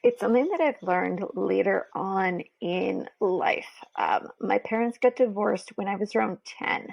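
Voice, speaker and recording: A woman's voice: mid-range voice, unhurried, creaky. A woman guest on a podcast, talking candidly and emotionally with many fillers. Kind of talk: casual conversation. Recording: dull lo-fi sound.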